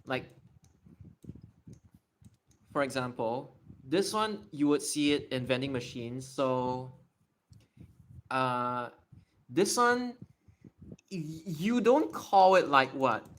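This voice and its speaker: Slow, unhurried young man explaining. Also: mid-range voice, animated, a bit bright. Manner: explains step by step while writing, thinking aloud. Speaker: livestreamer. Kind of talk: casual livestream explanation.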